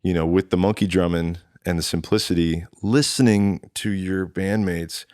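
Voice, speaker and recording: A man in his thirties with a low voice tells road stories in a relaxed interview. He jumps into other people's voices when he quotes them. The sound is dry and close. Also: normal speed, dry recording. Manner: animated, quotes himself and others in lively voices. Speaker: drummer, interview guest. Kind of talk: casual storytelling chat.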